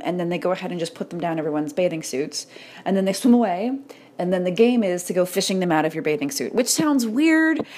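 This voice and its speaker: Animated woman telling a motivational story. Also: fairly low pitch. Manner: animated, storytelling, swears casually. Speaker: creator talking to entrepreneurs and artists. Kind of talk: casual motivational monologue.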